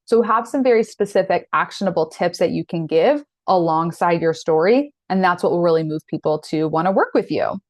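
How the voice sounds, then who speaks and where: A woman's voice: lowish voice, fairly quick, hardly any pauses, dry recording. A woman in her thirties teaching an online masterclass in an earnest, direct, encouraging way. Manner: earnest, direct, encouraging, with animated quoted asides.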